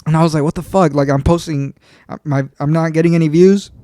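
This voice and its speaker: A man's voice: fairly high pitch, little pitch movement, fast talker, mellow, no room sound. A man in his twenties chats on a podcast with a slightly raised voice. He swears freely and tells stories loosely. The sound is dry and close. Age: 20s. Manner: loose, profane storytelling. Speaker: podcast co-host. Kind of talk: casual chat.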